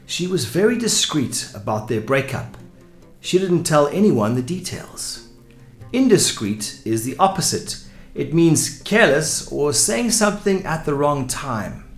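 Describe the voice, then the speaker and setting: A man teaching English vocabulary in a clear, explanatory way, giving example sentences. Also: on the high side, very animated, a little slow. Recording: echoey room with soft music.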